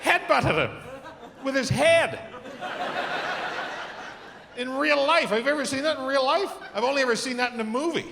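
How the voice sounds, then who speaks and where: A middle-aged man performing a stand-up comedy set on stage, telling animated stories and acting out the voices he quotes. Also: very high voice, normal speed, gravelly, pauses often, background noise. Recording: reverberant club with audience laughter.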